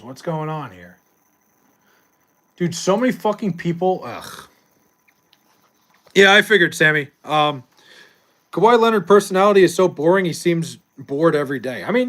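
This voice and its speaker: A man's voice: a little high, lively intonation, normal speed, long pauses, a bit bright. A young adult man streaming live, chatting casually with viewers and reading chat, loose and profane with frequent laughs.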